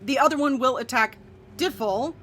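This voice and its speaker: Bright-voiced woman running a tabletop game. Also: sits high, a little hiss or hum. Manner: bright, laughing and quick between dice rolls. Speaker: game master.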